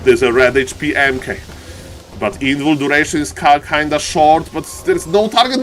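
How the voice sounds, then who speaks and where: A man casting a live strategy game match in English, which is not his first language, with bursts of shouting at big plays and joking asides to chat. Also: fairly high pitch, normal speed. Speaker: esports caster.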